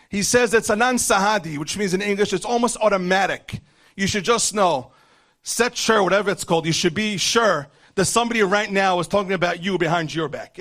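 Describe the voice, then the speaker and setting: High-voiced man giving an earnest religious lesson. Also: a bit bright. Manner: earnest, exhorting, peppered with Hebrew terms. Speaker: rabbi teaching a class.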